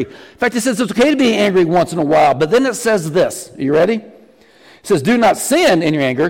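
Animated man preaching in a reverberant hall. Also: high-pitched. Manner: animated, jokes with the congregation. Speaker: pastor. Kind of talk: sermon. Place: church sanctuary.

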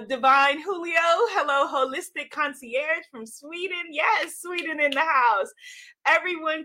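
A woman author hosting a live stream, chatting with viewers and greeting them by name with lively enthusiasm and frequent laughter. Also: sits high. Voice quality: bright, bubbly. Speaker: author and livestream host.

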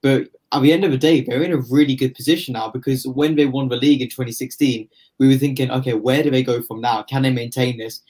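A man's voice: mid-range voice, fairly even intonation, fast talker, a little mellow. Male football pundit, casual podcast, confident analytical delivery. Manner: confident analytical, building points at length.

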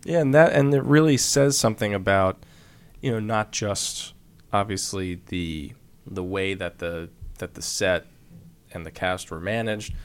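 A man's voice: sits low, a little slow, clean tone. A man interviewing a guest in a casual conversation, affirming what he hears.

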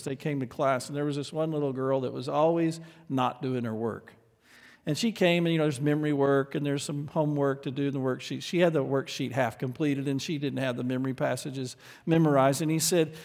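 A man preaching a sermon in an earnest way, moving from quiet asides to loud emphatic lines. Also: a little high, steady tone, fairly quick, in a large hall.

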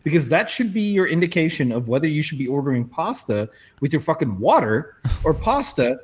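A man's voice: fairly high pitch, big pitch swings, fairly quick, breathy edge. A man in his thirties co-hosting a podcast, telling rambling stories in casual banter and swearing freely. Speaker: podcast co-host.

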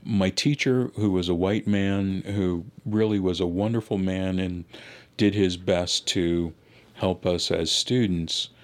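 A man's voice: low-pitched, fairly even intonation, slow. A man being interviewed as a linguist, recounting a childhood story in a reflective, conversational way with many "you know" asides.

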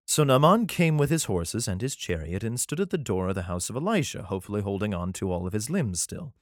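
A man's voice: on the low side, very animated, fairly quick, no room sound, studio quality. A man casually reading scripture aloud and breaking off into profane, sarcastic commentary, sometimes stumbling and rereading lines. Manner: profane, sarcastic asides between read passages. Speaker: podcaster reading and commenting on the Bible.

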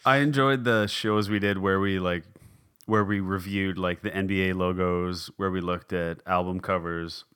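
Podcast host, male, very low and smooth voice, loose rambling jokester. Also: fairly even intonation, moderate pace, a bit bright. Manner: jokey, rambling, crude humor. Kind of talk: casual chat.

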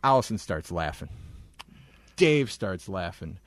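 A young man co-hosting a podcast, telling a story in casual chat, animated and laughing often. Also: low voice, a little slow, background noise. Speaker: podcast co-host.

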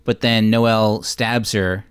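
A man's voice: fairly low pitch, fairly even intonation, slow pace, smooth, no room sound. A man co-hosting a podcast, casually recapping a movie plot with fillers and side notes. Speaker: podcast co-host.

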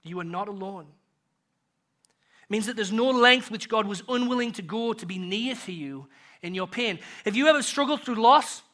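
A British man delivers a sermon in a notably high voice. His tone is bright and ringing, and he moves between loud, rising questions and quiet, hushed answers. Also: lively intonation, moderate pace. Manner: rhetorical questions, builds and drops in volume. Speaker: pastor.

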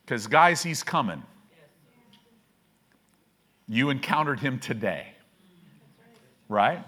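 A man's voice: medium pitch, big pitch swings, slow pace, long pauses, bright, forceful tone, husky. A man preaching a sermon as pastor, casual and self-deprecating, often checking in with "right?".

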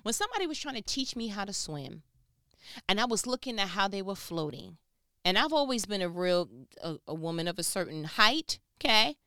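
A woman giving a casual motivational talk into her phone, telling stories animatedly and swinging from loud to hushed. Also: medium pitch, very animated, brisk, smooth, no echo, studio quality. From New York.

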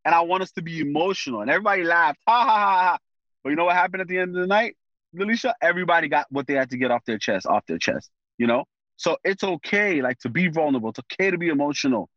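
A man speaking as a guest in a casual conversation, animated and full of slang, often thinking aloud with fillers. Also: a little high, rapid-fire, dry recording, highs cut off.

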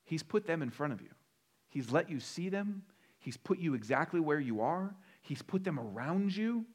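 Middle-aged pastor guy preaching, slightly high voice, chatty and jokey, builds up with repeated lines. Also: lively intonation, moderate pace. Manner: conversational, joking, rising to emphatic repetition. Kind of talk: sermon.

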